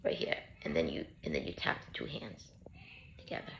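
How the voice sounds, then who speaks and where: Low, gravelly-voiced woman coaching earnestly. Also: huge pitch swings, brisk, lo-fi sound. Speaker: parent giving healing advice. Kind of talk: casual self-help talk to camera. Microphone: handheld phone.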